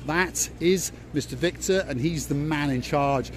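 A man's voice: fairly high pitch, measured pace, hardly any pauses, slight background noise. A man hosting a vlog, giving a playful walking-tour commentary outdoors on a seaside promenade and repeating words for emphasis. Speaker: vlog host and tour guide.

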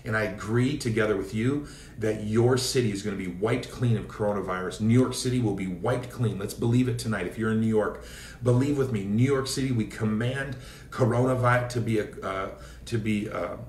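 A man's voice: brisk, darkish tone, a little hiss or hum. Fervent preacher man, roomy and distant. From Seattle area, Washington State. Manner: fervent, declaring, storytelling with rising pitch. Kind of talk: prayer and sermon.

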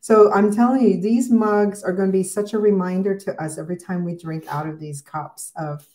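A woman's voice: mid-range voice, steady tone, normal speed. Emotional woman hosting a devotional, echoey. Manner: emotional, warm-hearted, rambling with fillers. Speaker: host of morning devotion. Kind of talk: casual devotional livestream.

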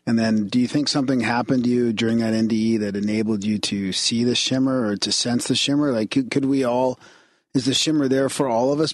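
A man's voice: mid-range voice, no room sound. A man hosting a podcast interview, asking probing questions and rephrasing them as he goes. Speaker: podcast host.

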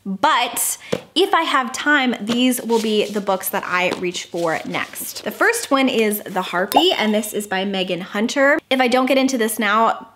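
A woman's voice: a little high, animated, measured pace, a bit bright. A young woman talking casually to the camera as a book vlogger, bubbly and chatty with lots of fillers.

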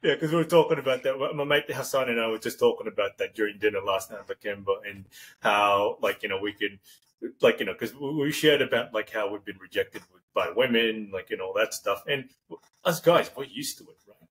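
A man hosting a podcast, talking in a rambling, animated way and acting out example lines. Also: on the low side, fairly quick, low-quality recording. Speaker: podcast host. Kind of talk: casual interview chat.

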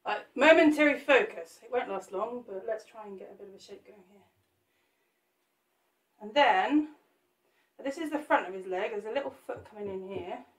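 A woman with a medium-pitched, lively voice talks at a normal speed and pauses often while demonstrating a cake sculpt live. She chats and jokes with viewers as she works. She sits far from the mic, so the recording is off-mic with a roomy echo.

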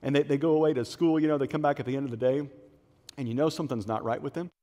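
Racing along at a medium pitch, this middle-aged male pastor delivers a sermon in a church auditorium. His storytelling is animated, and he performs the quoted voices of the characters himself. The hall adds a long reverb.

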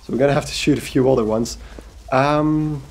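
Rambling Belgian gamer talking to himself. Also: male voice, mid-range voice, steady tone, fairly quick, gravelly, a little mellow. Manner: rambling, talks to himself, jokey asides. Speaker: let's play host. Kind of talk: casual gameplay commentary.

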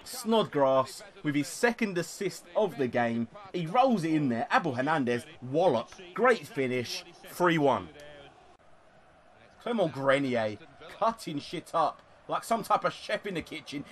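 A young man talks over his football video game match, his voice running a little high and leaping up and down in pitch as he gets excited. He shouts when his team scores and swears at the misses, close to a desktop microphone. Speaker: gaming YouTuber. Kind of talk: gameplay commentary. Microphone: desktop USB microphone.

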